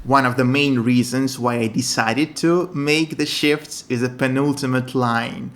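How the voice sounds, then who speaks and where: A man's voice: medium pitch, steady tone, a little slow, few pauses, slight background noise. Earnest man explaining poetry translation. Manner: earnest, enthusiastic, non-native English phrasing.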